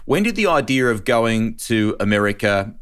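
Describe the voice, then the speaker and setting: A male podcast host with a fairly low voice. He asks long, rambling questions, often circling back and restarting mid-sentence. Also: big pitch swings, normal speed, a bit bright, clean tone. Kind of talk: interview questions.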